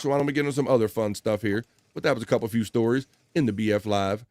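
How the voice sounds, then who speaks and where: A man's voice: mid-range voice, fast, few pauses, dry recording, clean studio sound. A middle-aged man hosting a livestream, chatting loosely and reading out viewer comments. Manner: rambling, loose and chatty with fillers. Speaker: livestream host.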